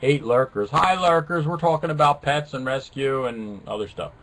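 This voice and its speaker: A man's voice: mid-range voice, normal speed, fairly bright tone, slight background noise. A man hosting a live webcast, chatting casually and reading viewers' comments with a flippant, self-mocking humor. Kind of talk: casual rambling chat with viewers.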